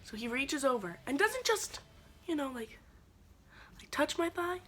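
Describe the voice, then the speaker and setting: A woman in her twenties telling a dating story to camera, animated and sarcastic, acting out her own quoted lines. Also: high-pitched, unhurried, pauses often. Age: 20s. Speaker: vlogger. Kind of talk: storytelling vlog.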